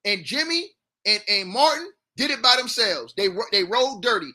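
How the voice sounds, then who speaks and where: Hyped high-voiced man trash-talking on stream. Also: expressive, normal speed. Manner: loud, repetitive, trash-talking. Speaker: livestream sports commentator. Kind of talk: hyped livestream sports talk.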